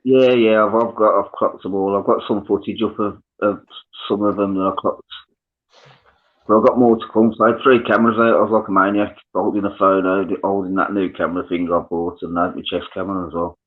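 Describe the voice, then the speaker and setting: A man chatting excitedly on a live panel, restarting his sentences and swearing. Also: on the low side, brisk. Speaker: panel guest. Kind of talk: casual live panel chat. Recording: tinny phone-line audio.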